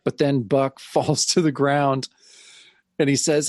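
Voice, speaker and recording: A man co-hosting a podcast, talking about a comic in a relaxed, halting way. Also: medium pitch, no room sound, studio quality. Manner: relaxed, hesitant with fillers. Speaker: podcast co-host. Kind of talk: casual comic book discussion.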